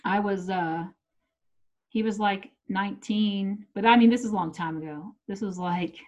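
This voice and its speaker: A woman's voice: medium pitch, moderate pace, darkish tone. A middle-aged woman chatting casually and telling blunt, profane stories. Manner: blunt, swearing storyteller. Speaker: comedian. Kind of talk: casual unedited chat.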